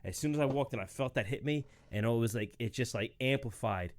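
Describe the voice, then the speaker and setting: A man's voice: mid-range voice, fairly quick, a little mellow, no echo. A young adult man hosting a podcast, telling stories in a laid-back way, swearing freely and laughing often. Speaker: podcast host. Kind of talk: casual storytelling chat.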